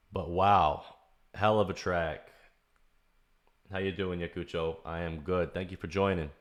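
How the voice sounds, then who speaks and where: A man hosting a livestream, chatting casually while giving feedback on music demos. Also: low voice. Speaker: streamer giving demo feedback.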